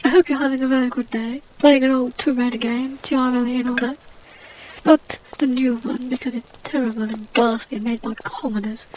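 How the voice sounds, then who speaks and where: A woman's voice: fairly high pitch, steady tone, fairly quick, darkish tone, slight background noise, lightly acted, rough recording. A woman voicing a haughty, out-of-work adventurer heroine, rambling snobbish gossip over gameplay commentary. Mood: indignant.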